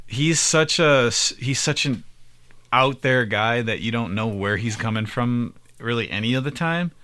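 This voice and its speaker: A man's voice: mid-range voice, expressive, measured pace, sharp tone. A man co-hosting a podcast, talking hesitantly and thinking aloud. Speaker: podcast co-host. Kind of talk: casual chat.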